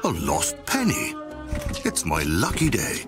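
Fretful Watson, very deep. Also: male voice, huge pitch swings, takes it slowly, exaggerated voice. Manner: earnest, fretful. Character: Watson, the detective's anxious male companion. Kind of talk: game voice acting. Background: game music.

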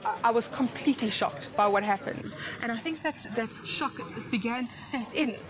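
A woman speaks reflectively in a documentary interview, her voice a little higher than average. She pauses thoughtfully as she works through what she means. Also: rough recording.

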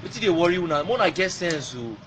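A man's voice: sits high, sing-song, quick pace, fairly bright tone, slight background noise. A man from Nigeria with a Nigerian accent, ranting angrily in a video message, throwing insults and repeating himself while switching between Pidgin and English. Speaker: fan.

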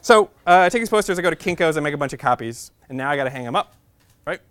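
Speaking very fast in a slightly high, bright voice with lively intonation, a man in his thirties gives a humorous talk as a guest speaker in a university classroom. He's chatty and self-deprecating, telling personal stories and using "like" as a filler a lot.

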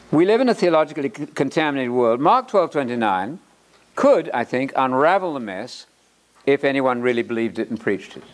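Animated, joking male Bible lecturer. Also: fairly high pitch. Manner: animated and joking, repeats words for emphasis, quotes authors aloud. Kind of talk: lecture-style sermon.

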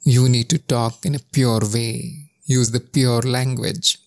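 A man talks through a spiritual lesson in a calm, instructive way. His voice is strongly gravelly and fried, and it sits mid-range in pitch. The recording is dry and close, with no room sound. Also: no echo. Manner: calm, measured, instructive, with deliberate pauses. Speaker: spiritual teacher. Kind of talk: spoken spiritual teaching monologue.

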